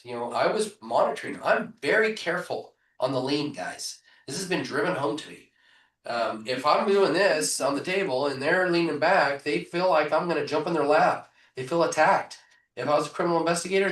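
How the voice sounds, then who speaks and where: A man coaching real estate agents in a live training, punchy and energetic, often asking rhetorical questions over a video call. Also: on the high side. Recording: echoey room, voice far from mic.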